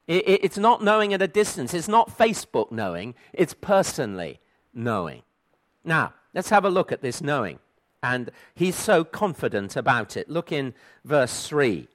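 A man delivers a sermon with earnest emphasis, now and then tripping over and repeating his words. His voice sits fairly high for a man. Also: a bit bright. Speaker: preacher.

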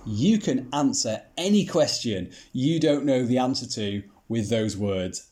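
Male teacher, even-pitched, rhetorical and dryly humorous delivery. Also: moderate pace, few pauses. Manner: rhetorical questions, mildly sarcastic humor. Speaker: Bible teacher. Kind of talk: scripted teaching talk.

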